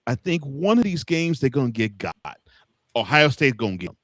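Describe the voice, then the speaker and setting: A man co-hosting a casual college football chat, teasing his partner and laughing loudly. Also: mid-range voice, sing-song, fairly quick, no echo, clean studio sound. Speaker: co-host.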